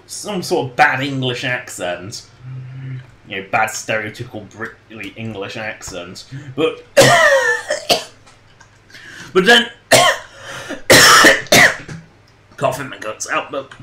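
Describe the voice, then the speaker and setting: A man's voice: medium pitch, pushed and bright, roomy sound. A man casually commenting on his game during a livestream, rambling and joking and laughing at his own jokes. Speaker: game streamer.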